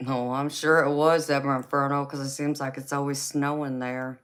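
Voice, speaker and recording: A woman's voice: very deep voice, flat delivery, moderate pace, few pauses. A woman with a Southern US accent chatting casually with viewers as a tarot livestream host, laughing often and calling people baby. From Los Angeles, USA. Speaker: tarot reader hosting a live chat.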